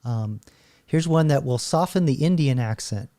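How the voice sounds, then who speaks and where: Rambling male host, mellow voice, loose commentary. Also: medium pitch, lively intonation, moderate pace. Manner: rambling, stop-start, laughing often. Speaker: channel host. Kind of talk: casual commentary while browsing videos.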